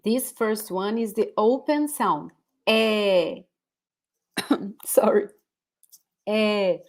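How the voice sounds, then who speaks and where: A woman with a Brazilian accent, a Portuguese speaker, teaching a live online pronunciation lesson, repeating words patiently for her students. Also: mid-range voice. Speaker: language teacher.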